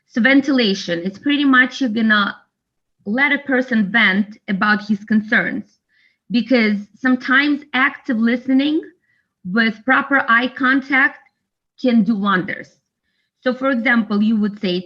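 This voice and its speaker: Calm woman teaching over a webinar. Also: fairly high pitch. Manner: calm, measured, coaching tone. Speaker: webinar presenter. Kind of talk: instructional talk on de-escalation. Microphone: video call. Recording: slightly dull online webinar audio.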